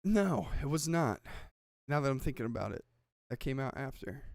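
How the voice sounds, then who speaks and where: A man's voice: mid-range voice, very animated, moderate pace, vocal fry, darkish tone, no room sound, clean studio sound. A man co-hosting a podcast, telling stories in rambling casual chat full of filler words and swearing. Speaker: podcast co-host.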